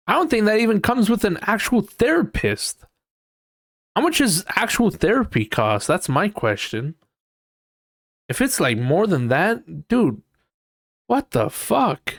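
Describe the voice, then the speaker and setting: A young man hosting a casual solo podcast, rambling and swearing a lot as he mocks other people with quick impressions. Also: mid-range voice, dry recording, clean studio sound. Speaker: podcast host.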